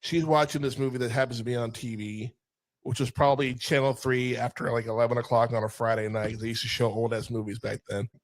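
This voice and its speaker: A man's voice: mid-range voice, steady tone, brisk. A man from South Texas hosting a casual, profane movie review chat over an online call. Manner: profane, storytelling. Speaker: podcast host.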